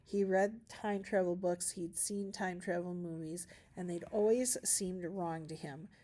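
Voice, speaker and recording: A woman with a fairly low voice reads a novel aloud for a school class. She narrates steadily and gives each character only a light change of voice. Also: fairly even intonation, measured pace, warm tone. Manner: storybook narration with small voice shifts for characters. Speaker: reader.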